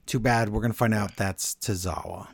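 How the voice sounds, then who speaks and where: A man's voice: fairly low pitch, steady tone, creaky, breathy edge, no echo. Chatty male podcast co-host, very dry sound. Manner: quick recapping, acting out quotes in passing. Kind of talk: casual wrestling recap.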